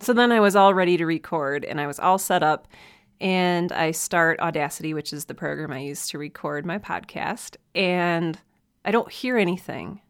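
A woman's voice: on the low side, moderate pace, clean tone, no room sound, clean studio sound. A woman with a Midwestern American accent hosting a casual solo podcast from her home office, chatty and self-deprecating, laughing often. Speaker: podcast host. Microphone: desk mic.

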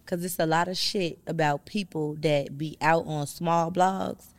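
A woman with a lowish voice talks in a relaxed, frank way, swearing casually. The sound is close and dry, with no room around it. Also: measured pace, no echo. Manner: laid-back, frank, swears casually, mocks in quoted retorts. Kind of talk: casual chat.

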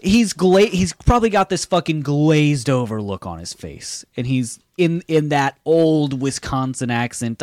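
Animated, swearing podcast co-host, a man. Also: on the high side, measured pace, hardly any pauses, dry recording, clean studio sound. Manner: animated and profane, retelling scenes with emphasis. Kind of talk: casual chat.

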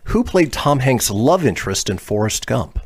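A man hosts a casual trivia chat, reading out each question with its answer options. His pitch rises and falls a lot, giving the reading a bouncy, animated feel. He laughs easily between questions. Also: moderate pace, husky. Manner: reads multiple-choice questions, laughs often. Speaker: quiz host.

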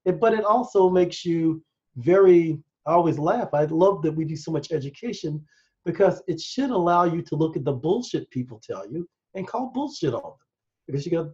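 A man's voice: a little high, lively intonation, moderate pace, dark tone. A man with an American accent, a doctor appearing as a podcast guest, explaining science in a rambling, enthusiastic way. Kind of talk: casual interview talk. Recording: muffled lo-fi sound.

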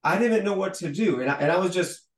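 A man being interviewed as a guest, telling a story in a lively way, acting out the dialogue and stumbling over repeated words. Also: high voice, quick pace. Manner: animated storyteller who acts out dialogue, with stammered restarts. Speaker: podcast guest. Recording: roomy, echoey room sound.

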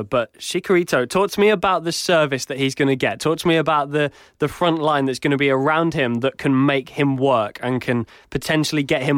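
Male interview host, friendly and conversational, crisp clear voice, dry close sound. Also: mid-range voice, no room sound. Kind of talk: casual interview.

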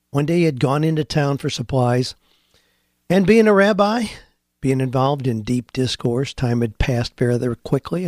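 A man's voice: mid-range voice, a little mellow, no room sound, clean studio sound. A man hosting a radio show, telling a story and then talking in a conversational way. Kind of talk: storytelling and casual radio talk.

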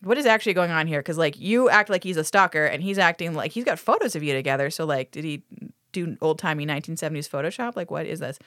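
A woman co-hosting a podcast recaps a TV episode in casual chat, laughing often, swearing, and doing funny voices for the characters' lines. Her voice is deep and a bit bright, she talks fast, and the studio-quality recording has no room sound.

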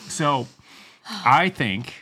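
A man co-hosting a casual podcast, slowing down to stress scripture quotes and rambling easily in between. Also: mid-range voice. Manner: slow, emphatic when quoting scripture; relaxed, rambling. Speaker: podcast co-host.

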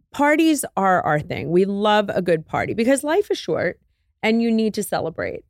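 Low-voiced woman teasing breezily on a podcast. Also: no room sound, clean studio sound. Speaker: podcast co-host. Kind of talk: casual chat.

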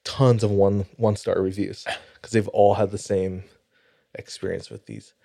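Laughing storyteller man, low voice. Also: little pitch movement, a little slow, creaky, mellow. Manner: laughs a lot while telling stories. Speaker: podcast co-host. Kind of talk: casual chat.

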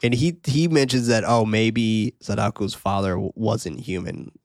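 A man hosting a podcast, recapping a horror film in a casual, profane, animated way. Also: lowish voice, unhurried, dry recording, clean studio sound. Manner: animated, profane, laughing often. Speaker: podcast host.

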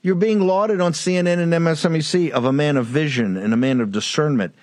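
A man's voice: a little high, fairly quick, a little mellow, no echo, studio quality. A man hosting a political talk show, delivering a combative commentary monologue that hammers its points through repetition. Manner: combative, repetitive, addresses listener as "brother".

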